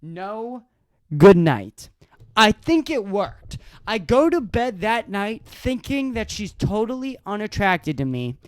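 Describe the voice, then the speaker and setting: Slow-talking, chuckling podcast host man. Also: high-pitched, dry recording. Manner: amused, often breaks into laughter while retelling; halting, restarts sentences. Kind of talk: casual solo storytelling.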